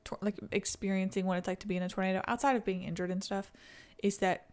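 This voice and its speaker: A woman's voice: medium pitch, little pitch movement, quick pace, darkish tone. A woman hosting a livestream, chatting casually with viewers and reacting to a video. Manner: chatty, talks to chat, laughs often. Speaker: livestream host.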